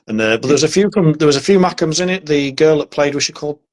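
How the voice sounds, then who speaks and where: A man's voice: a little high, expressive, fast. A man, a guest on a podcast, teasing and joking in casual chat. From Newcastle, England. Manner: teasing, jokey.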